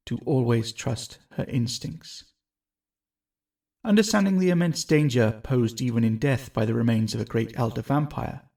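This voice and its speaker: A man narrating a scripted horror story in a measured, dramatic way. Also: mid-range voice, vocal fry, darkish tone, dry recording, clean studio sound.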